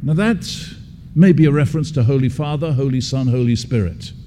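A man's voice: mid-range voice, brisk, dark tone, slight background noise. A man from England, preaching an expository sermon. He talks emphatically and repeats key words for stress. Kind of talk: expository sermon with personal story. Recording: long hall reverb.

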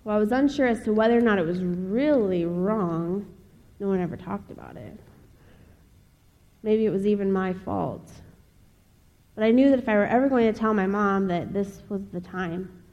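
A young woman from Ohio giving a personal testimony speech, telling her story in an earnest, measured way with pauses. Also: mid-range voice, highs cut off. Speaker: speaker. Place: chapel. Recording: long reverb of a large hall.

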